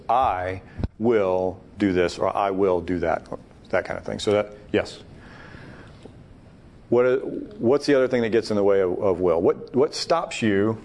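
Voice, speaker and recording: A man with a fairly low, darkish voice leads a Bible study, speaking emphatically. He thinks aloud and restarts often in this teaching discussion.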